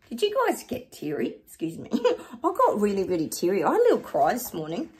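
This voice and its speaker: A woman's voice: medium pitch, huge pitch swings, a little fast, a little mellow. A woman, hosting her own psychic channel and chatting casually and effusively to her viewers.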